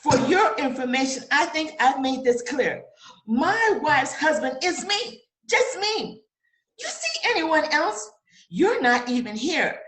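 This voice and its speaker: Blustery gardener guy played by a woman, high and swoopy, echoey room. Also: very animated, slow pace, fairly bright tone, exaggerated voice. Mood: defensive. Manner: blustering, theatrical, rhyming outbursts. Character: indignant, blustering man tending his garden. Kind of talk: audio theater acting. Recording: roomy echo.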